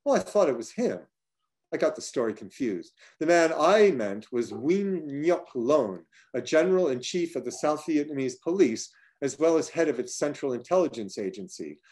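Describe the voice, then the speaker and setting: A man's voice: on the high side, lively intonation, normal speed, hardly any pauses, a little mellow. Man reading his own prose, dry and wry. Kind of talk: reading personal prose aloud.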